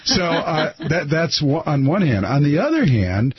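A man's voice: fairly high pitch, huge pitch swings, a little slow, husky, dry recording. A man hosting a talk radio show, rambling casually with many restarts and fillers. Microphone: studio microphone. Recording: slightly dull broadcast sound.

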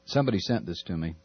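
Male talk host, fiery and sarcastic, stumbles over words, lively husky voice, dull lo-fi sound. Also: sits low, dry recording. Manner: impassioned, stammering, sarcastic. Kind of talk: political rant monologue. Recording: dull lo-fi recording.

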